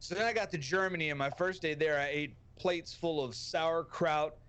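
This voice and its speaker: A man's voice: on the high side, moderate pace, fairly bright tone, slight background noise. A man with a Texan accent, a streamer guest telling a brash, profane, joking story on a podcast.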